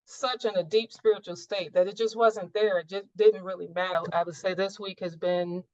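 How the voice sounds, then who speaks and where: A woman's voice: medium pitch, steady tone, moderate pace, dry recording. A woman sharing a personal spiritual experience in a coaching session, earnest and searching, often rephrasing mid-thought. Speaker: coaching client. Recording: dull, dry recording.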